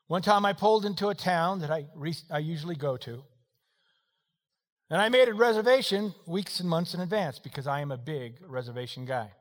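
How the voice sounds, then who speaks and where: A man with a high voice preaches a sermon, telling his stories with animated swings from hushed to loud. His voice rings out with a long reverb, as in a large hall. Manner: animated storytelling, swinging between quiet and loud. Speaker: pastor.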